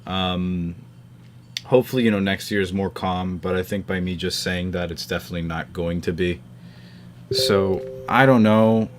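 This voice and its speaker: A man's voice: low-pitched, steady tone, moderate pace, a little hiss or hum. A man from the New York area hosting a casual podcast chat, rambling and swearing freely with lots of fillers. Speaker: podcast host. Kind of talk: casual chat over a call.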